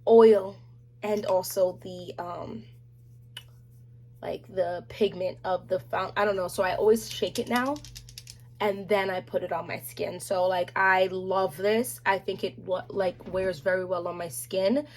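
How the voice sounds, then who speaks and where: A woman chatting casually on camera about beauty products, animated and slangy, with playful asides to viewers. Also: medium pitch, a little slow, a little hiss or hum. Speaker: beauty vlogger. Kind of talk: casual product review chat.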